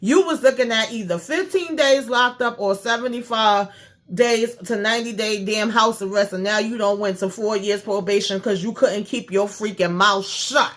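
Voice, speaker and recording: A woman's voice: mid-range voice, moderate pace, a bit bright. A woman recapping a reality show for her channel in a blunt, exasperated, profane rant, talking straight to her viewers. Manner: addresses viewers directly. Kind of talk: casual review and recap rant.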